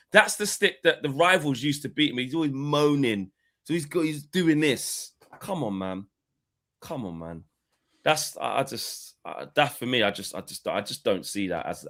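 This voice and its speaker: Co-hosting a relaxed live football talk, a man with a medium-pitched, slightly bright voice swears without restraint and performs impressions of players going off.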